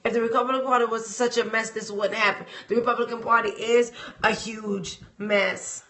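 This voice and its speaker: A woman's voice: a little high, flat delivery, normal speed, roomy sound. A woman talking casually on a live stream, rambling and addressing her viewers. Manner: dramatic mock wailing, shouting and fake crying; loose, rambling, talks to viewers.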